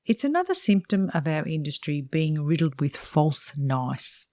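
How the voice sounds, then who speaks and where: A woman's voice: sits low, very animated, measured pace, few pauses, dark tone, no room sound, studio quality. A woman salon coach reading her own book aloud, giving direct and emphatic advice. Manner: direct, emphatic, plain-spoken.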